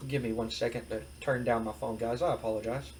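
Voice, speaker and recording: A man's voice: mid-range voice, fairly even intonation, brisk, background noise. A man hosting a let's-play, casually recapping what happens and slipping into quoted dialogue as he retells it. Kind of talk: casual game commentary.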